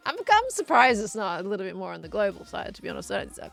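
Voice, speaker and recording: A woman's voice: medium pitch, big pitch swings, fast talker, creaky, fairly bright tone, faint music behind. Chatty Australian woman streaming a game. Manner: chatty, answers chat, playful asides. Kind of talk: casual live-stream chat while gaming.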